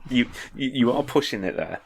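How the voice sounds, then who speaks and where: A man's voice: mid-range voice, animated, brisk, creaky, slight background noise. A man co-hosting a casual podcast chat, often stammering, repeating words and laughing between points. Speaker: podcast co-host. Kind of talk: casual chat about a film.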